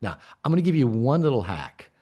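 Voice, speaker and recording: An older man speaking to a room of men, blunt and candid, with profanity scattered through his stories. His pitch swings widely from low mutters to sudden high emphasis. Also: big pitch swings, brisk, warm tone. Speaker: author and coach. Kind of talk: talk to an audience of men.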